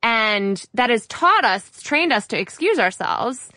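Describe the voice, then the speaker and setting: Lively, animated woman podcast host. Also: fairly high pitch, a little slow, dry recording, studio quality. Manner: animated, emphatic. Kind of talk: casual interview chat.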